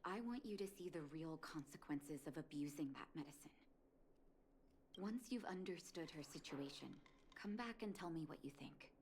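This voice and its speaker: An actress voicing a composed, reserved woman in a game, speaking in a measured way. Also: deep voice, a little mellow, slight background noise, close to an everyday voice. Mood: calm.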